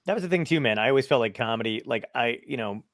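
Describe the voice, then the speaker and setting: A man's voice: medium pitch, lively intonation, quick pace, fairly bright tone, no room sound, clean studio sound. A man hosting a casual interview, laid-back and chatty, swearing casually as he talks. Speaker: podcast host.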